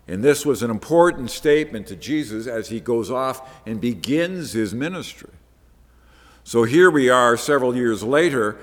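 A male preacher at a middle pitch gives a Bible-teaching sermon. He explains the text step by step in an easy, conversational manner. His voice trails into a long reverb, as if recorded in a large hall. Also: fairly bright tone.

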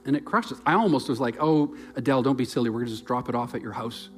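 A man preaching a sermon as pastor, earnest and storytelling, rising to loud emphasis and dropping to near-whispered softness. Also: mid-range voice.

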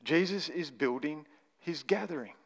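A man's voice: fairly high pitch, normal speed, creaky. A man preaching a sermon, stressing single words and asking rhetorical questions. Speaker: pastor. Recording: long hall reverb.

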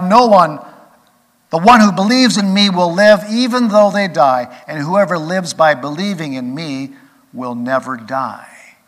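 A man preaching a sermon as pastor, earnest, rising to emphatic peaks and then dropping quiet. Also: on the high side, measured pace. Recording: long reverb of a large hall.

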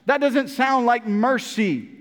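Male preacher, high voice, casual storytelling sermon, church echo. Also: lively intonation, slow, a bit bright. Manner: storytelling, conversational, repeats words.

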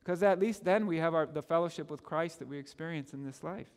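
A man preaching a sermon as pastor, earnest and animated, often stammering on repeated words as he pushes a point. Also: fairly high pitch, a little fast, big-room sound.

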